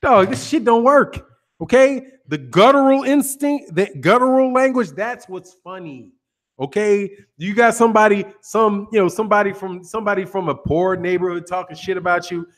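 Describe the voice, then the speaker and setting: A man's voice: high voice, normal speed, a bit bright. An American man hosting a boxing channel, ranting casually with a lot of swearing and laughter. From United States. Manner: profane, teasing, laughs often.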